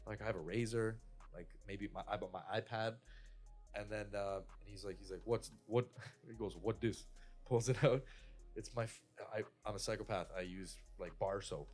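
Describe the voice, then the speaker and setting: Brief: young Canadian man, lowish voice, rambling profane podcast storyteller. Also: normal speed, faint music behind. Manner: rambling, profane, lots of "like" and "I'm like". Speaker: podcast co-host. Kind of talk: casual storytelling among friends.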